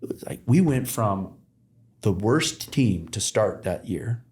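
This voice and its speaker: A man's voice: on the low side, animated, takes it slowly, darkish tone. Rambling man in a roomy room. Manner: rambling storyteller with many fillers and restarts. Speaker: podcast guest. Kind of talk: casual conversation. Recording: roomy echo.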